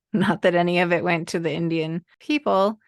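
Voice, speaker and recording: A woman co-hosting a casual podcast chat, laid-back and quick to agree. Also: on the low side, fairly even intonation, dry recording, studio quality. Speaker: podcast co-host.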